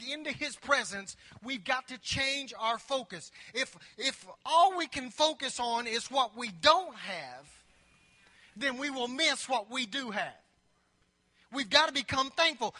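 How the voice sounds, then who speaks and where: A man's voice: very high voice, bright, forceful tone. A man preaching a sermon as pastor, with repeated build-up phrases and playful asides. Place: church sanctuary. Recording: long reverb of a large hall.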